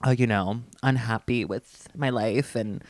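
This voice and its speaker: A man's voice: fairly low pitch, measured pace, dry recording. A man co-hosting a podcast, telling an earnest, self-deprecating story in casual chat. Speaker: podcast co-host.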